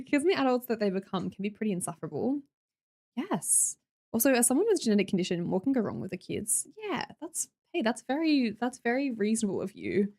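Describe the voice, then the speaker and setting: A woman's voice: mid-range voice, expressive, moderate pace, a little mellow. A young Australian woman chatting casually as a streamer, reading viewer comments aloud and joking around with a teasing, chatty manner. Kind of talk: casual chat with live viewers.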